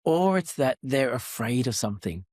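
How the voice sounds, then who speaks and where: A man hosting a podcast, probing and challenging his guest, pressing for clear answers. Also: medium pitch, big pitch swings, moderate pace, darkish tone, no echo, clean studio sound. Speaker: podcast host. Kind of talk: casual interview conversation.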